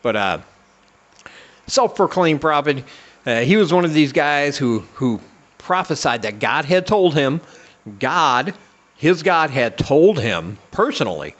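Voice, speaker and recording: A man's voice: a little high, very animated, unhurried, a bit bright, muffled recording. A man hosting a comedy podcast, talking in a sarcastic, rambling way with lots of fillers. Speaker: podcast host. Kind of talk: casual comedic rant.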